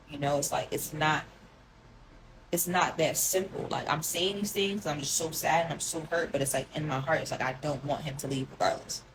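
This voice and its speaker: A young woman telling a long personal story to her viewers in a casual, rambling way, full of "like" and slang, often dropping into a hushed tone. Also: low voice, background noise. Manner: rambling, heavy filler "like", emotional, addresses viewers as y'all. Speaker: storyteller recounting a relationship.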